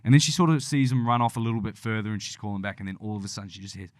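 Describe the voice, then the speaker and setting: A man's voice: on the low side, very fast, no echo, clean studio sound. A young man co-hosting a podcast, telling a long story in casual chat, swearing freely and acting out what people said. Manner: rambling storyteller, swears freely, acts out quotes. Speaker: podcast co-host.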